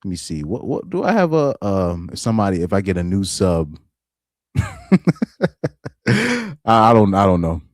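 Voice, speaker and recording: A man with a deep voice hosting a casual livestream, reading chat and talking in a loose, rambling way with repeated words and frequent laughs. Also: huge pitch swings, unhurried, long pauses, no echo, studio quality. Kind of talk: casual live-stream commentary.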